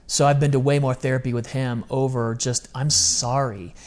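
A man in his forties co-hosting a podcast, talking candidly and earnestly in quick bursts. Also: mid-range voice, level tone. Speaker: podcast co-host. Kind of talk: candid conversational podcast talk.

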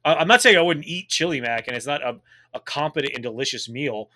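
A boisterous man in his thirties chats loosely on a podcast, swearing freely and laughing often. His voice is bright and forceful. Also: medium pitch, fast talker. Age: 30s. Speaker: podcast co-host, military veteran. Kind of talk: casual chat.

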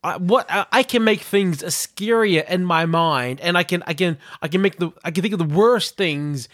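A man's voice: sits high, normal speed, fairly bright tone, dry recording, clean studio sound. A man co-hosting a podcast, chatting casually in a playful, dramatic, self-mocking way. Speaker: podcast co-host. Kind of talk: casual chat.

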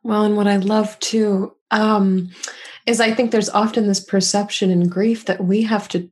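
Breathy woman hosting a podcast. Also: medium pitch, level tone, measured pace, darkish tone. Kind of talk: casual podcast conversation.

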